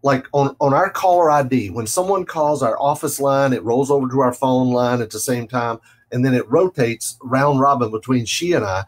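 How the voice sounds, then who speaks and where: A man's voice: mid-range voice, moderate pace. A man hosting a real estate talk show, chatting casually and laughing easily as he explains selling tips. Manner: relaxed, laughs easily, acts out phone calls. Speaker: podcast host. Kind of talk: casual business chat.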